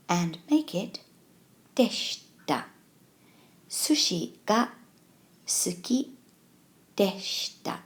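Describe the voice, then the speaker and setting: Woman, tutorial teacher, a touch low and gravelly, patient and encouraging. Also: a little mellow. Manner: patient, encouraging, slow and clear explanations. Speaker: Japanese language teacher. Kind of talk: scripted video tutorial lesson.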